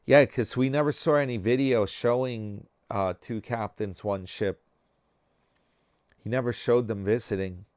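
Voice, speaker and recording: A man's voice: on the low side, a little slow, a little mellow, dry recording, studio quality. A man hosting a vlog in casual chat, reading viewer comments aloud with a wry, chatty manner.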